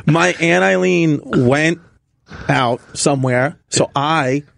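A man's voice: a little high, slow, creaky, dry recording, clean studio sound. A man telling a funny childhood story on a podcast, acting out what people said. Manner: excited, acts out quotes. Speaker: comedian guest.

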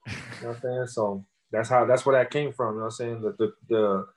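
Brisk and steady-toned, this medium-pitched man is a rapper from Texas in his thirties appearing as a guest in a relaxed interview. His storytelling is loose and profane, packed with fillers.

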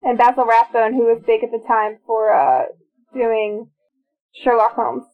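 A woman co-hosts a podcast, chatting casually while watching a movie and eagerly sharing trivia. Her voice is on the high side, level in tone and a little slow, and the sound is narrow and phone-like.

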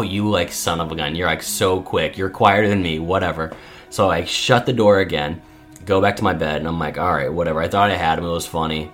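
Podcast co-host, low male voice, lively storyteller who acts out quotes, soft music under. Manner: animated storyteller acting out quotes, many fillers. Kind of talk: casual storytelling.

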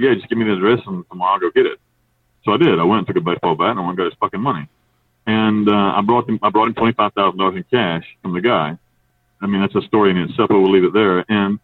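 A low-voiced, husky man from North Carolina tells a rambling, profane story, quickly acting out what others said. He comes through a distant, tinny phone line with no room sound around him. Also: dry recording. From North Carolina, USA. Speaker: interviewee. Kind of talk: storytelling interview.

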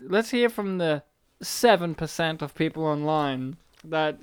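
A man's voice: fairly high pitch, animated, measured pace, smooth. A man co-hosting a podcast in casual comedic chat, playful and laughing often as he talks. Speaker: podcast co-host.

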